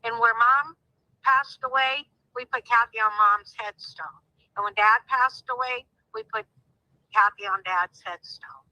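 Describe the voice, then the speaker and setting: A woman's voice: mid-range voice, sharp tone, no room sound, low-quality recording. A woman speaking as a guest in a phone interview, emphatic and heartfelt, often repeating herself. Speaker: guest, sister of a crime victim.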